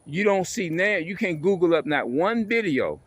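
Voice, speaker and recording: A man's voice: high-pitched, lively intonation, moderate pace, no room sound. A man ranting in an emphatic, repetitive monologue to his viewers, swearing as he drives his points home. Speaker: vlogger.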